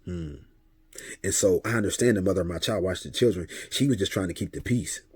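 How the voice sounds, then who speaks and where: A man who is an adult father of several children gives casual spiritual advice in a vlog monologue, his voice low and husky. He talks relaxed and a little fast, often repeating a filler tag and acting out dialogue.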